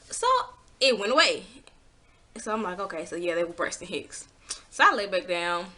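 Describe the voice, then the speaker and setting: Animated bright-voiced young woman vlogger. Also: moderate pace. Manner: animated, acts out her own past lines with big pitch jumps; blunt, swears freely. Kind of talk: casual storytime.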